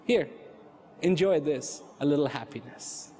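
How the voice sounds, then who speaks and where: A man giving an inspirational talk on inner peace, slow and reflective, repeating phrases for emphasis. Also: on the high side, animated, dark tone, husky. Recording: hall reverb with faint ambience.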